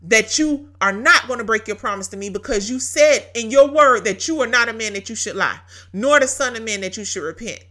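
A woman hosting a casual devotional talk, telling a story in an animated way with frequent laughter and emphatic repetition. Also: a little high, a little fast. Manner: emphatic, repeats key phrases. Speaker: podcast host.

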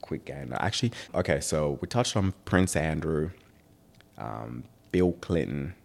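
A young man talks through his podcast in a loose, joking ramble. His voice sits extremely low with a gravelly fry running through it. His pitch swings widely as he goes. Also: animated, a little slow. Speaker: podcast host. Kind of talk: casual chat.

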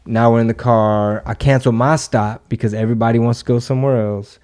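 A man's voice: medium pitch, fairly quick. A man in his thirties telling a story in casual podcast chat, swearing freely and acting out what people said. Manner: profane, animated, acts out quotes. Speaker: podcast host.

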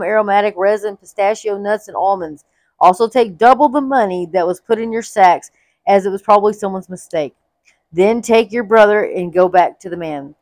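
A woman's voice: mid-range voice, no room sound, natural voice. Woman reading as a grieving old father.

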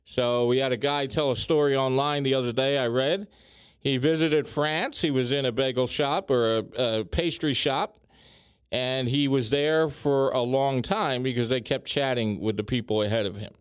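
A man chats casually like a host, his voice sitting slightly high. He punches key words with lively emphasis between filler ums. The sound is dry and close, with no room around it. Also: clean tone, no room sound. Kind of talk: casual chat.

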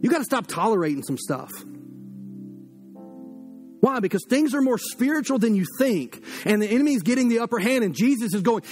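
A man's voice: very high-pitched, sing-song, normal speed, darkish tone, faint music behind. A man preaching a sermon as pastor, fiery and direct, talking to the congregation as if across a table.

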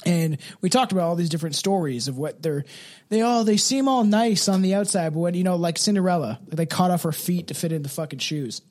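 A man's voice: high voice, a little fast, darkish tone. A man co-hosting a casual chat show, reading folklore aloud, laid-back and swearing freely. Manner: laid-back, swears often, laughs a lot. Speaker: podcast co-host reading folklore.

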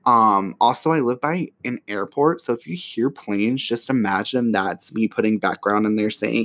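A man's voice: lowish voice, normal speed, few pauses, a bit bright. A man hosting a casual solo podcast from home, chatty and profane, with lots of fillers. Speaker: podcast host. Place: home near an airport.

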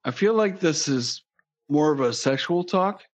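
A man's voice: fairly high pitch, expressive, unhurried. A man chatting casually as a podcast guest, joking crudely and rambling. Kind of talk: casual chat. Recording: dull lo-fi sound.

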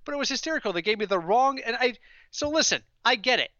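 A man with a high, bright voice co-hosts a casual sports podcast. He tells stories with animation and builds his rants to comic punchlines. The sound is dry and slightly dull, close to the mic. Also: expressive, fast talker, no room sound. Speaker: podcast co-host.

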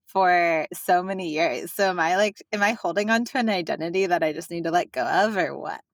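A young woman with a Californian Valley Girl accent, co-hosting a podcast in casual chat with a playful, drawn-out way of talking. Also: lowish voice, no room sound. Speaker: podcast co-host.

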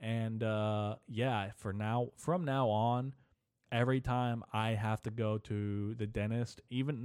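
Young male podcast host, low-ish voice, dry close sound, casual and profane, rambling storyteller. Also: a little mellow, no echo. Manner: rambling, profane, laid-back. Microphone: camera mic.

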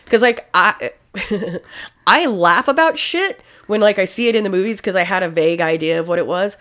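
A woman's voice: medium pitch, expressive, moderate pace, a bit bright. A young adult woman in casual, crude chat, telling blunt, profane stories and laughing often.

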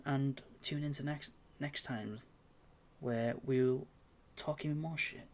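A young man telling a story in casual chat, animated, sweary and self-mocking. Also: medium pitch, slow pace. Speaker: podcast co-host.

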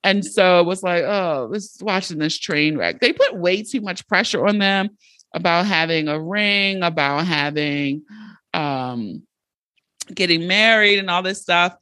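A woman hosts her own podcast and talks alone into a close mic. She is blunt and animated and swears freely. The sound is dry, with no room around it. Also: lowish voice, unhurried, smooth, no echo. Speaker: podcast host. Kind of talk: solo podcast monologue.

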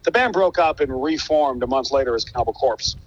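A man being interviewed as a guest musician, telling a long story in a casual, profane, animated way. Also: mid-range voice, brisk, highs cut off. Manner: animated, profane, acts out quoted dialogue.

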